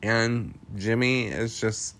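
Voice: mid-range voice, steady tone, slow, a bit bright. A podcast host casually recapping a film, chatty and loose, full of fillers, laughing and swearing freely.

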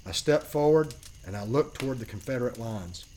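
A man narrating a first-person paranormal story as a podcast host, earnest and emphatic with dramatic pauses. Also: mid-range voice, lively intonation, darkish tone, a little hiss or hum.

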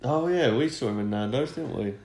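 A man's voice: medium pitch, animated, a little fast, a little mellow. A man co-hosting a podcast, reading out listener comments and trading dry jokes in casual chat. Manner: reads listener comments, dry jokey banter. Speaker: podcast co-host. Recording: roomy echo.

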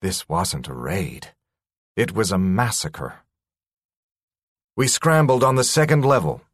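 A man's voice: mid-range voice, no room sound, studio quality. A man narrating a science-fiction story in a dramatic, tense first-person reading.

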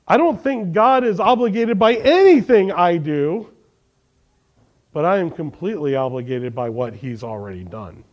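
In this sermon, a pastor whose voice is on the high side alternates emphatic and quiet lines. He reads from scripture and asks the congregation questions.

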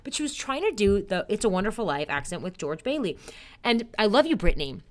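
A woman's voice: mid-range voice, big pitch swings, a little fast. Chatty, bubbly young woman podcaster. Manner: bubbly and chatty, laughs often, playful asides. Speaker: podcast host. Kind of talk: casual solo podcast advice.

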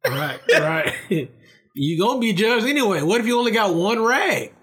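Stammering, profane man, a bit high. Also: lively intonation, normal speed, a bit bright. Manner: stammering restarts, profane, explains with "you know what I'm saying". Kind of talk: casual chat.

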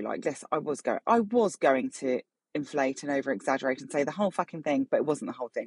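A middle-aged woman hosting her podcast, telling a casual story in a sweary, chatty, animated way. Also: very deep voice, brisk, vocal fry, few pauses, slightly rough, no room sound. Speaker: podcast host.

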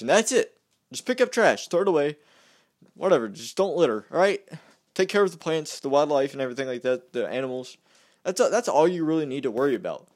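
Rambling young man ranting casually. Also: a little high. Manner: rambling, repeats himself, mocking. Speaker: vlogger. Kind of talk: casual political rant.

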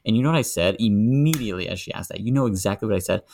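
A man, a podcast guest, telling a story in casual chat and getting heated and animated as he goes. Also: rapid-fire, slight background noise. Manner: animated storytelling, rising pitch when indignant.

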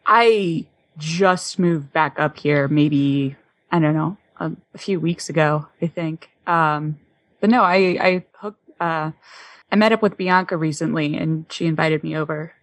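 Casual lower-voiced woman player. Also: unhurried, dry recording. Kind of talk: playing a character in a tabletop game.

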